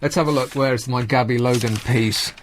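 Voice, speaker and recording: A man's voice: medium pitch, steady tone, moderate pace, a little hiss or hum. A man hosting a radio show, talking in a casual comic monologue full of sarcastic, mocking asides. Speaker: radio host.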